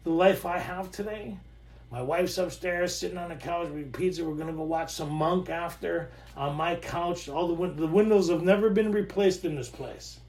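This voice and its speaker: A middle-aged man, giving a casual storytelling talk at a recovery workshop from his home, animated and repeating his phrases. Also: on the high side, normal speed. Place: room at home. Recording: echoey home room.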